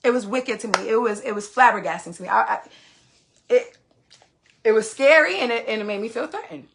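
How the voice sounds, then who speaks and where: A woman's voice: on the high side, expressive, brisk, a little hiss or hum. A woman, telling a story on a phone livestream in a profane, emphatic way. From Queens, New York. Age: 20s. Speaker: live streamer.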